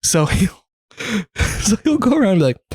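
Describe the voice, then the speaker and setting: Young male podcast co-host; lively, laughing storyteller, dry close mic. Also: high-pitched, normal speed, husky, no room sound. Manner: animated, laughing storyteller, swears a lot. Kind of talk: casual chat.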